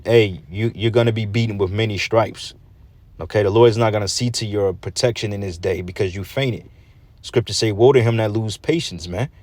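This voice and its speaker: A man with a fairly low voice preaches a street sermon, reading scripture aloud and breaking it down bluntly. He swears freely and keeps tagging lines with "man" and "okay." The sound is close and dry, with almost no room echo. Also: darkish tone.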